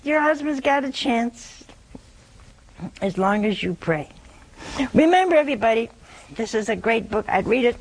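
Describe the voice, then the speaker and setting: A woman hosting a show, giving gentle, folksy spiritual counsel to a listener and often adding a questioning "see?". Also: on the high side, animated, normal speed, gravelly, pauses often, rough recording. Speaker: host giving spiritual advice.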